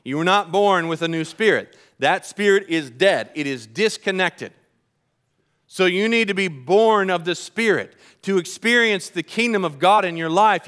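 A man preaching a church sermon in an animated way, slowing down to stress key points. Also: high voice, clear, resonant tone. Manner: animated preaching, slows for emphasis. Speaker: pastor. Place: church service.

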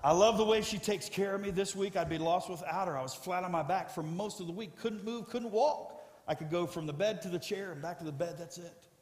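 A middle-aged man preaching a sermon as pastor, emotional and animated as he tells stories. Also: sits high. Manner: emotional, storytelling with rising excitement. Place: church sanctuary. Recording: echoey church hall with music. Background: soft guitar music.

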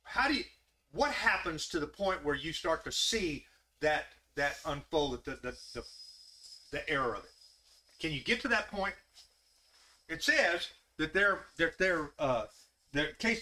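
Man preaching, slightly high bright voice, keeps quizzing the room and repeating himself. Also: lively intonation, normal speed. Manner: questioning the listeners directly, repeating phrases. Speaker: preacher leading a Bible study. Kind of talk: interactive sermon.

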